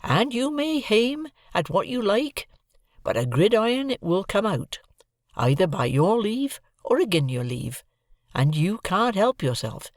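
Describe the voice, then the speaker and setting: A man voicing a slow, kindly village blacksmith who talks in plain rustic dialect, weighing every word. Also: high-pitched, very animated, dry recording, clean studio sound, voice pushed up, heavily acted. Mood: ponderous.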